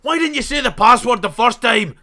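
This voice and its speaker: A man voicing a coarse, quick-tempered male dwarf who shouts and swears. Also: very high voice, pitched above the performer's own voice, heavily acted. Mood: angry.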